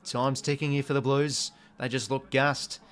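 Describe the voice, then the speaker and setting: His voice is mid-range and smooth, moving at a normal speed. He's a young Australian man hosting a live watch-along, commentating on the match casually with sudden excitable outbursts and now and then a mild swear.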